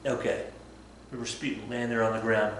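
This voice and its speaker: A male history teacher telling a story to his students in a chatty, animated way, acting out bits of dialogue. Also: fairly low pitch, moderate pace, heavy reverb, a little hiss or hum, rough recording. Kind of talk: casual storytelling lesson.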